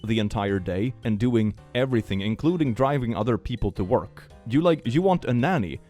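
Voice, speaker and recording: A man's voice: mid-range voice, expressive, brisk, darkish tone, faint music behind. A man hosting comedic reaction commentary in a playful, sarcastic manner, laughing often. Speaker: host.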